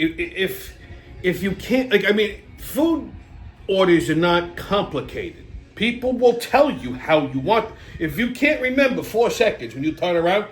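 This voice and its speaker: A man hosting a comedy show, ranting in a brash, profane, exasperated way. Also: high voice. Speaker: host. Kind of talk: comedic rant. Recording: echoey room with faint music.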